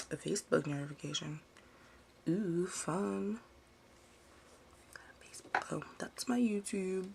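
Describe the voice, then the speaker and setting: A woman's voice: on the low side, creaky, background noise. A young woman with a Baltimore accent and a Southern drawl, chatting through a craft tutorial at home and getting sidetracked. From United States. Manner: chatty, easily sidetracked, uses "y'all". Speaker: DIY vlogger.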